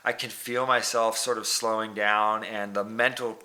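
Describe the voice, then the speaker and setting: A man's voice: fairly low pitch, little pitch movement, moderate pace, pushed and bright. A man casually recapping his week of triathlon training in a rambling vlog style, full of fillers and self-corrections. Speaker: vlogger.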